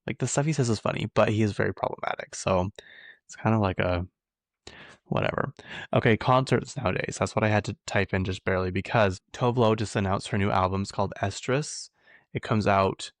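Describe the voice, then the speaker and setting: A man's voice: lowish voice, no echo. A man hosting a podcast, chatting casually about pop-culture gossip in a rambling way, full of "like.". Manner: chatty, rambling, heavy use of "like". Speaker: podcast host.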